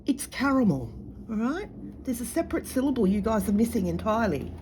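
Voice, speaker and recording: Talking fast with big pitch swings, this middle-aged Australian woman has a warm, slightly high voice. A jewellery-making vlogger, she chats casually to camera while crafting, blunt, sarcastic and mocking, with slight background noise.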